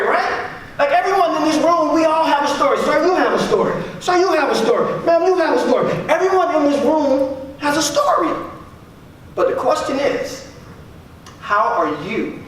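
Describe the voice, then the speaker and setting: Animated man in a very echoey room. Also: extremely high pitch, moderate pace. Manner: emphatic, repeats key phrases for effect. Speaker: motivational speaker. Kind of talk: motivational speech to a live audience. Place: large echoey room with audience. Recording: very echoey, from far off, faint noise.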